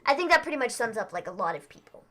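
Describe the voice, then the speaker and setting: A young woman chats her way through a live wrestling watchalong. Her voice is bright and a little edgy, and she keeps dropping "like" into her sentences. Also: on the high side, very animated, very fast. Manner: chatty, lots of "like". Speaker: co-host. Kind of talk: casual watchalong chat.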